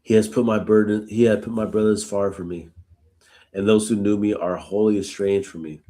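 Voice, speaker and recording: Male Bible study host, very low voice, reads scripture then chats about it with casual asides. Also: steady tone, moderate pace, mellow. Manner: reads verses aloud, then reflects informally; uses casual "y'all" asides. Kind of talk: live scripture reading with commentary.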